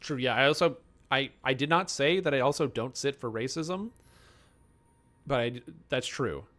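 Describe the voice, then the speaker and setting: A man's voice: medium pitch, normal speed, a bit bright. A young man, a game streamer chatting casually and answering his chat with rambling, self-mocking jokes. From Canada.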